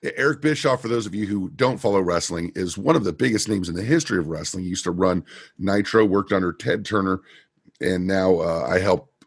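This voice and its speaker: A man co-hosting a podcast, casually recapping a TV episode and retelling scenes in an animated way. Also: low-pitched, fairly quick, vocal fry, slightly rough, no echo, clean studio sound. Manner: animated retelling with quoted lines and laughs. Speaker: podcast co-host.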